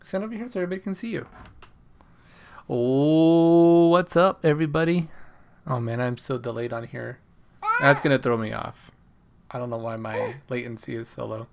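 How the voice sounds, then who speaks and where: A man's voice: medium pitch, normal speed, creaky, long pauses, a little hiss or hum. A man hosting a casual fantasy football livestream from home late at night, playfully chatting to a baby between remarks. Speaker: fantasy football stream host.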